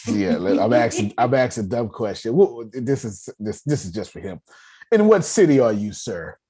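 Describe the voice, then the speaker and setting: A man leads a video-call class on money in a low, husky voice. He talks in an animated, joking way, calls on his listeners and often restarts his sentences. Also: normal speed. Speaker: meeting host teaching personal finance. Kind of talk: casual teaching talk.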